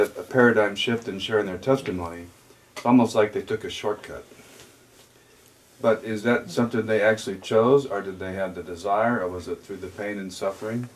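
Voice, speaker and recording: A man with a lowish voice putting a question to a teacher, rephrasing as he works it out. He sits away from the microphone and sounds distant. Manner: searching, rephrasing as he asks. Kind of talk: conversational question. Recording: voice from a distance to the mic.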